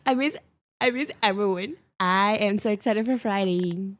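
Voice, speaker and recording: A woman's voice: mid-range voice, moderate pace, a bit bright, dry recording. A woman who joins a friend's livestream, chatting casually in a playful, apologetic way. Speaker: friend interrupting the stream. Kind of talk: casual chat.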